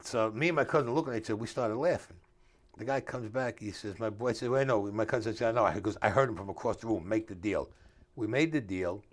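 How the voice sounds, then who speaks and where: An older man, telling stories in a casual interview and acting out the dialogue in a streetwise way. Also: lowish voice. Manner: streetwise storyteller, acts out dialogue, drops grammar. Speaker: author and guest.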